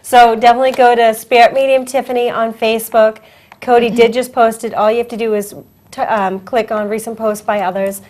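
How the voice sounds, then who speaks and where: A woman hosting a casual talk show, chatty and quick to laugh, with a cough. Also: on the high side, little pitch movement, darkish tone. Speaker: host.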